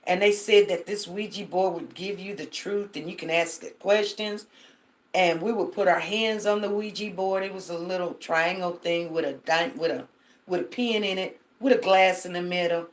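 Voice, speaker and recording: Speaking at a normal speed in a lowish voice, a woman hosts a casual live stream on her phone. She's chatty, tells stories, talks straight to her viewers, and uses lots of fillers.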